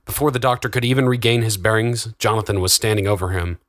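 A male narrator reads a fantasy novel with steady, dramatic delivery. His voice sits low, and the recording is dry and close. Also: fast, dry recording. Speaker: audiobook narrator. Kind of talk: scripted narration.

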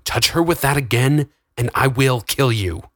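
A frantic young man, pushed far above the reader's own register, shouting and pleading in anguish, as a male narrator puts him on. The voice sounds dry and close to the mic. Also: mid-range voice, animated, normal speed, no echo, voice pushed up, close to an everyday voice. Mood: threatening. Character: young man, desperate and furious.

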